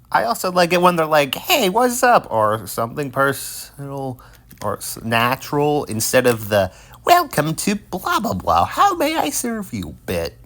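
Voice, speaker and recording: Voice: mid-range voice, fairly bright tone. A video creator casually reading social media posts aloud with amused, wry asides.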